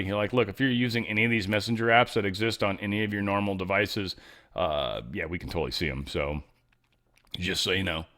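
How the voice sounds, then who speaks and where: A man's voice: on the low side, sharp tone. Rambling, sarcastic man hosting a commentary show. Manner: rambling, sarcastic, offhand asides. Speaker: show host. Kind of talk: casual news commentary.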